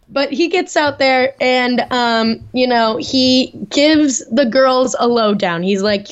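A young woman co-hosting a podcast animatedly recaps a story and acts out quotes, swearing now and then. Her voice is high-pitched and slow with hardly any pauses, and the recording has a dull lo-fi sound.

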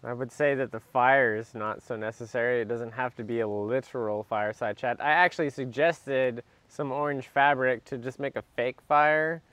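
Dude cracking dry jokes in a chill chat, super clean voice, no room echo. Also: male voice, mid-range voice, moderate pace, hardly any pauses, a bit bright, smooth. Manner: dry, joking asides. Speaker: co-host. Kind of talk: casual chat.

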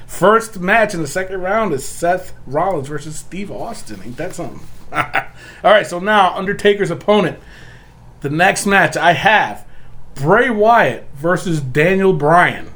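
A man's voice: high-pitched, lively intonation, a little slow, a bit bright. A man hosting a casual podcast chat, laughing often as he runs the discussion. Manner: laughs often, tiebreaker running the bracket. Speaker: podcast host.

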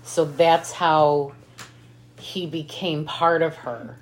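A woman's voice: low voice, steady tone, slow, a little hiss or hum, low-quality recording. Dry-joking podcast co-host woman. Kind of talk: casual movie recap chat.

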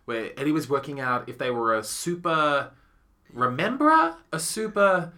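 Bright, lively-pitched podcast host. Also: male voice, normal speed. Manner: brief reactions and questions, laughs along. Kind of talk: casual chat.

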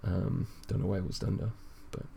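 A man's voice: deep voice, level tone, fairly quick, vocal fry, mellow, slight background noise. A man co-hosting a casual comedy podcast, reading a fan comic aloud in a rambling, giggly way and swearing freely.

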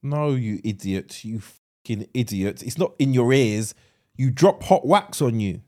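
A man's voice: mid-range voice, lively intonation, a little slow, a little mellow. A young British man co-hosting a podcast, teasing and playful, acting out little scenes in casual chat. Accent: British English. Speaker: podcast co-host.

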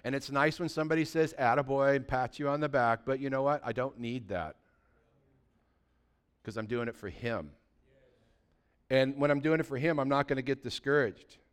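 A man preaching a sermon as pastor, swinging between loud, excited bursts and quiet, low asides. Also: moderate pace, long pauses, smooth.

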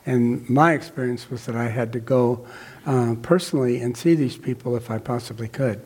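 A man's voice: mid-range voice, moderate pace, darkish tone, breathy edge. Older man sharing a rambling testimony. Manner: rambling, reflective, many fillers and restarts. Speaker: recovery meeting speaker. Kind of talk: personal testimony to a group.

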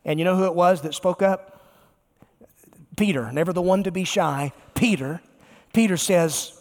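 A pastor, a man, preaching a sermon emphatically and slowing down to stress key words. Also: high-pitched. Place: large church sanctuary. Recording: long reverb of a large church.

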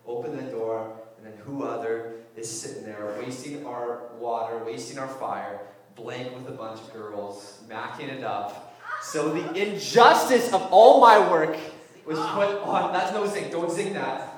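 A man giving an informal, joking sermon to young people as a youth pastor, in a lively conversational way. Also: medium pitch, measured pace, recorded from a distance. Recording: very echoey room.

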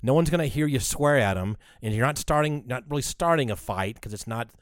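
A man's voice: medium pitch, animated, a little fast, no room sound, clean studio sound. Rambling man in casual chat. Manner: rambling, many restarts and hedges.

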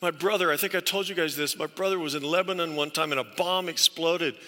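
A man's voice: a little high, fairly quick, bright, forceful tone, in a large hall. A male pastor preaching a sermon, telling stories earnestly and stressing points through repetition. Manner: earnest storytelling with emphatic repetition.

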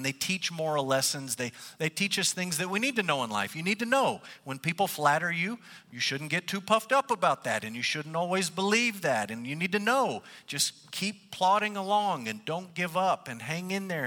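A man's voice: mid-range voice, sharp tone, big-room sound. A man teaching a sermon on parables in a folksy storytelling manner.

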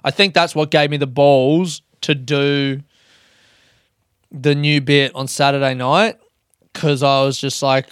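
A man's voice: mid-range voice, flat delivery, measured pace, clean tone, no echo, clean studio sound. A young man, a comedian rambling loosely through stories in a sweary, self-mocking way. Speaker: comedian podcast host. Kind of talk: casual rambling monologue.

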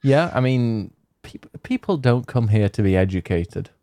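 A man's voice: mid-range voice, lively intonation, unhurried, mellow, no room sound. A man hosting a games podcast, rambling and joking in casual banter. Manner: jokey, rambling, self-mocking. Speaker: podcast host.

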